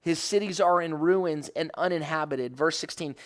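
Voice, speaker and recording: A man's voice: on the high side, moderate pace. A man as a rabbi giving an earnest devotional Bible teaching, rising to emphatic questions and often correcting himself mid-phrase.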